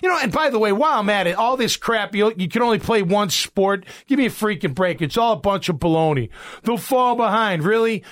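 A middle-aged man hosting a sports talk show, ranting in an animated, exasperated way. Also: high-pitched, fairly quick. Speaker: sports radio host.

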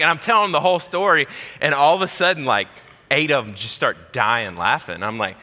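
Animated man telling a story. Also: a little high, moderate pace. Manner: animated, acts out voices, swings loud and quiet. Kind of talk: comic personal story. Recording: long hall reverb.

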